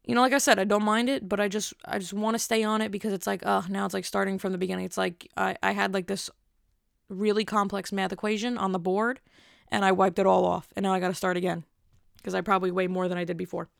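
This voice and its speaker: Young woman with heavy vocal fry. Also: mid-range voice, level tone, fast talker, dry recording, studio quality. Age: 20s. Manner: rambling, self-deprecating storytelling. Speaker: vlogger. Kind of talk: casual monologue to camera.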